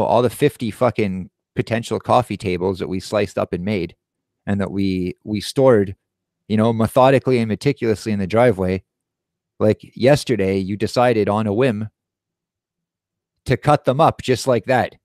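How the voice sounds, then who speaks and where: A man's voice: lowish voice, normal speed, a little mellow, dry recording, studio quality. A young man hosting a show, telling a personal story in a heated, profane casual rant. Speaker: show host. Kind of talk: casual live-stream rant.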